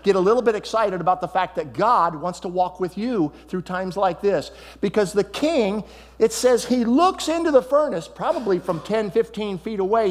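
Animated male pastor preaching in a reverberant hall. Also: high voice, normal speed. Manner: animated storytelling, swings between loud and hushed. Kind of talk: sermon.

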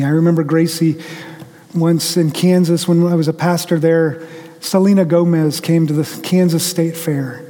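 A middle-aged man delivers a sermon in a fairly high, mellow voice, telling stories and acting out the lines of the people in them. His voice carries with a long reverb, as if heard in a church sanctuary. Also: little pitch movement, normal speed. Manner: storytelling preacher who acts out quotes. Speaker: pastor.

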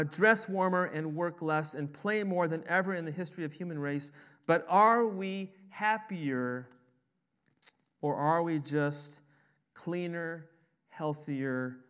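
Guy preaching in church, emphatic ups and downs, slightly higher voice. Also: a bit bright. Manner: emphatic, rising and falling preaching cadence. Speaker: pastor. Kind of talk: sermon.

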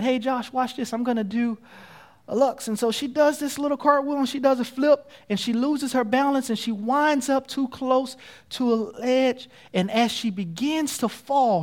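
A man preaching a sermon, telling a story dramatically and swinging from hushed to loud. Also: high-pitched.

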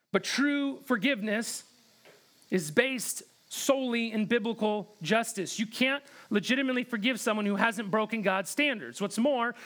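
A man's voice: sits high, a bit bright. A man preaching a sermon in an earnest, direct way, often repeating words for emphasis. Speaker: pastor.

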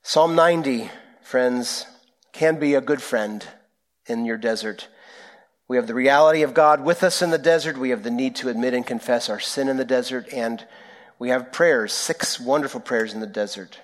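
A pastor preaching a sermon, speaking in an earnest, prayerful way with slow, deliberate phrasing. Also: male voice, medium pitch.

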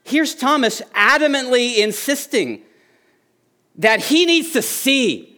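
Earnest high-voiced male preacher. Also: sing-song, slow, pushed and bright. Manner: earnest, rising emphasis on key phrases. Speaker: pastor. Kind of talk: sermon.

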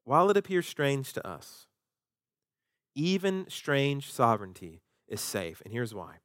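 A man preaching a sermon as pastor, animated, jumping up in pitch when he acts out quoted voices. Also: a little slow, no echo, studio quality.

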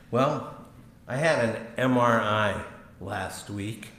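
A middle-aged man preaching a sermon in a church, leading a prayer and then talking in a conversational, gently humorous way. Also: on the low side, slow pace, slight background noise. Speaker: pastor. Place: church sanctuary. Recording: echoey church room.

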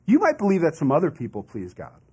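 Male pastor, husky voice, conversational sermon with laughs. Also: on the high side, wildly swooping pitch, fast, warm tone.

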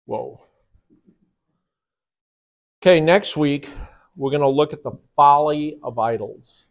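A man with a slightly high voice teaches a Bible study lesson, emphatic and conversational, often posing rhetorical questions and taking questions from the class.

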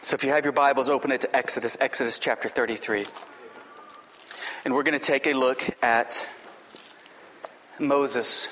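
A man pastor delivering an impassioned sermon, slowing down for emphasis and dropping to a hushed tone in prayer. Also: mid-range voice, fairly even intonation. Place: church sanctuary. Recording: echoey hall, faint noise.

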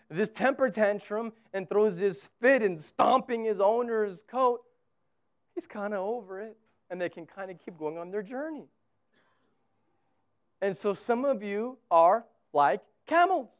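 A man from Texas delivers a sermon in a high-pitched voice. His preaching is conversational, rising to loud emphatic bursts and dropping to quiet, low asides. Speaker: pastor.

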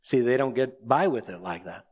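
A man's voice: medium pitch, expressive, normal speed, muffled recording. A man preaching an expository sermon, explaining scripture and asking the listeners rhetorical questions.

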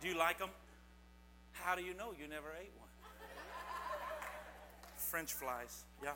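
A man's voice: on the high side, measured pace. Give me a playful male pastor joking with kids. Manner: playful, teasing, quizzes the audience. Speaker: pastor giving a children's message. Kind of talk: children's sermon with corny jokes. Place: church sanctuary. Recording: long church hall reverb, faint mains hum.

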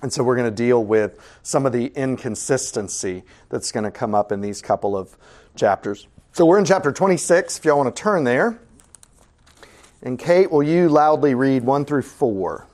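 A man teaching a casual Bible study, animated and conversational, asking the class questions. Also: medium pitch, normal speed.

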